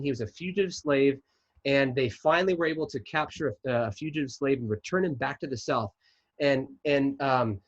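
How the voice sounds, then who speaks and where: A fairly high-voiced man lectures with earnest emphasis, dragging out his key points. His voice sounds slightly husky and comes through a muffled, lo-fi video call. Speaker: guest presenter, historian. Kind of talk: online lecture and Q&A.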